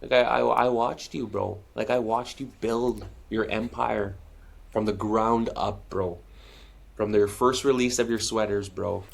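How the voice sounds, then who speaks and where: A man's voice: fairly low pitch, steady tone, measured pace, gravelly. A man guest on a podcast, telling his story in a candid, heartfelt, casual way and calling the host bro and man. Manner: calls the listener bro and man constantly. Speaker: podcast guest, musician and speaker.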